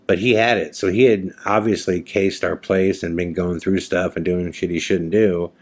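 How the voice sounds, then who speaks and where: A man's voice: sits low, steady tone, moderate pace. A man hosting a podcast, telling a personal story in a casual, conversational way with many fillers and restarts. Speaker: podcast host.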